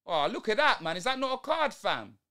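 A man's voice: sits high, fairly quick. A young man with a London accent, streaming a live football watch-along and reacting to the match in heavy slang. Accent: London multicultural English. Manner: slangy, animated, exclaiming at the match.

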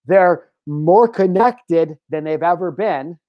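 An American man hosting a podcast interview, talking in an animated, emphatic way. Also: a little high, slow pace, no echo, highs cut off. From United States. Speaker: podcast host. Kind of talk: casual interview chat.

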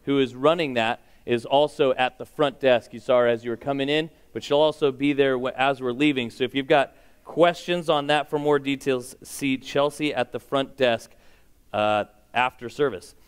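A man's voice: mid-range voice, steady tone, moderate pace, smooth. A man giving church announcements in an upbeat, joking way and leading a short prayer.

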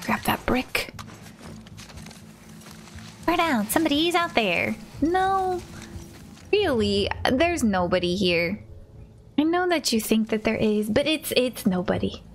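Woman streamer, casual play-along chat, slow drawl, whispers when sneaking. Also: a little high, animated, a little hiss or hum. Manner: chats with viewers, drops to whispers while sneaking. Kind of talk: casual let's-play commentary.

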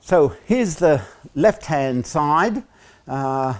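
A man with an Australian accent giving a university lecture, pausing often on fillers and slipping in joking asides. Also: on the high side, expressive.

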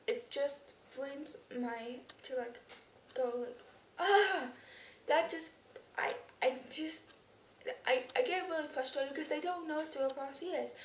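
A young woman vlogging casually, rambling with lots of ums and restarts, her speech slightly unclear. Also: high-pitched. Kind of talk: casual vlog to camera. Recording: roomy echo, somewhat far from the mic, faint background noise.

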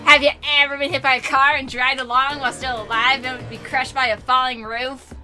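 A creepy young man from a game speaks in a slow, eerily calm Southern drawl, as a woman reads his lines aloud. The voice is bright and pitched fairly high. Soft game music plays behind. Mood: grim. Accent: put-on bad Southern US drawl. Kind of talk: reading game dialogue aloud.

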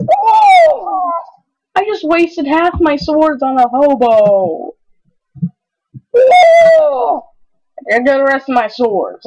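A woman commenting on her own gameplay, excitable, yelping and crying out whenever something goes wrong. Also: high voice. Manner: excitable, yelps and cries out at mishaps. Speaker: gaming channel host. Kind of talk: let's play commentary. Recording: dull lo-fi recording.

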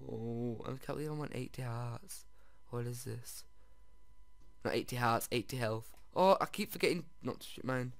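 A man giving let's-play commentary as he plays, excitable, often jumping to squeals over finds and talking straight to his viewers. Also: mid-range voice, moderate pace, vocal fry, no echo. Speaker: video game player.

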